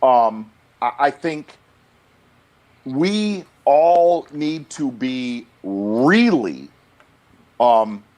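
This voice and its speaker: A middle-aged guest on a casual podcast speaks bluntly and animatedly, his medium-pitched voice drawing out words and pausing often. He stammers, repeats himself, and restarts a lot as he goes.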